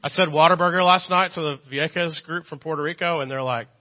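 Man, Texan accent, pastor, sermon, earnest, repeats for emphasis, somewhat high voice, muffled lo-fi recording. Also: fast. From Texas. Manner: conversational, with self-deprecating asides. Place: church sanctuary.

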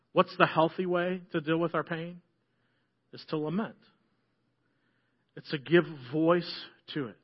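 A middle-aged man preaching a sermon as pastor, earnest, often dropping to a soft hush on key phrases. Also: high voice, highs cut off.

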